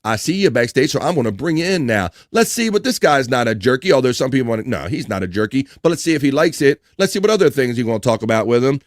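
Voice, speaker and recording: A man's voice: medium pitch, animated, fast, hardly any pauses, dry recording. Joking livestream host man, dry mic. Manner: loose and joking, laughs, stumbles over words, swears. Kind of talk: casual live-stream chat, reading chat and trivia aloud.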